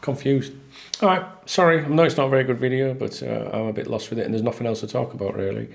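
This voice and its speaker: A man vlogs about football in a casual, exasperated ramble, swearing bluntly as he goes. His voice has a gravelly, creaky edge at an ordinary middle pitch. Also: steady tone, fast talker. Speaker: football fan vlogger. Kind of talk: casual solo talk to camera.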